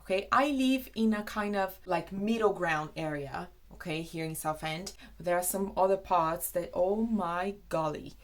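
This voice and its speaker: A young Brazilian woman whose first language is Portuguese, teaching British expressions in a chatty, animated video lesson. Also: fairly low pitch, normal speed, few pauses. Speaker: English teacher.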